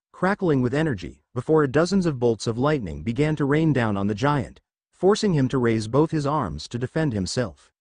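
A man's voice: medium pitch, dry recording. A man reading a fanfiction adventure aloud as narrator, voicing every character in much the same voice.

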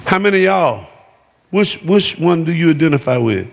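A man preaching a sermon, shouting and calling out to the congregation in a church. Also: a little high, sing-song, moderate pace, gravelly, a little hiss or hum. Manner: shouting, exuberant preaching with call-outs to the congregation. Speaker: pastor. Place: church sanctuary. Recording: long hall reverb.

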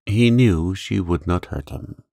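A man narrating a calm bedtime story in a gentle, soothing way. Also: sits low, unhurried, creaky, dry recording, clean studio sound.

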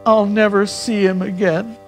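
A man's voice: high voice, animated, slow, fairly bright tone, soft background music, pitched above the performer's own voice, full character voice, low-quality recording. A man voicing a young caveboy in a storybook reading, eager and pleading. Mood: tender. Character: young caveboy who loves his dinosaur.

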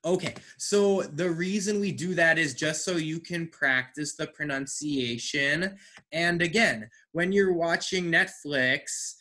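A man teaching an online English class, speaking slowly and deliberately. His voice is bright and forceful. He is patient and encouraging and explains step by step over a video call. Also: fairly high pitch. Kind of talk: online language lesson.

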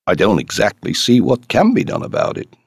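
A man's voice: lowish voice, wildly swooping pitch, brisk, gravelly, husky, heavily acted. A man reading the part of a brash, talkative male journalist in an audiobook, eager and insistent.

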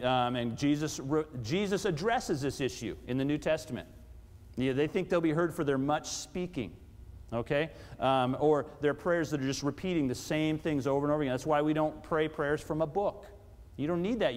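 A man, a pastor, preaching a sermon and putting questions to his congregation, his voice rising for emphasis. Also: fairly high pitch. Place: church sanctuary. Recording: long church hall reverb.

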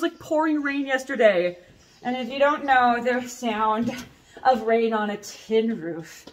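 A woman in her thirties walks through her corset designs in a casual vlog. She talks in an animated, chatty way, with asides that poke fun at herself, from a workshop under a tin roof. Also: on the high side. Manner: chatty, animated and self-mocking, with asides and laughs. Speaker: corset maker showing her collection. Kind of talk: casual product showcase vlog.

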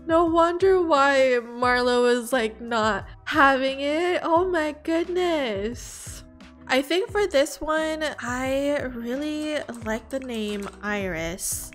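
A woman hosting a let's play, chatting along and gasping at exciting moments. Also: sits high, slow pace, soft background music. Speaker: gaming channel host. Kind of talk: let's play commentary with face cam.

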